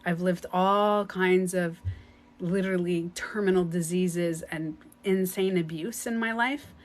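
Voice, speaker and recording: A woman's voice: on the low side, fairly even intonation, measured pace. A woman speaking as a spiritual coach in a casual motivational talk. She is emphatic and blunt, swears casually and often repeats herself.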